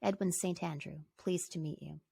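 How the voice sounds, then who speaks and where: A man's voice: fairly high pitch, steady tone, moderate pace, creaky, mellow, husky, dry recording, studio quality. Woman reading as an uneasy young upper-class man. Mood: polite.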